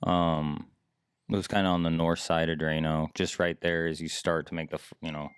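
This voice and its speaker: Deep-voiced laid-back fishing guide. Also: male voice, flat delivery, clear, resonant tone, no echo. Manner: laid-back, chatty, quick to joke. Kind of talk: casual fishing podcast chat.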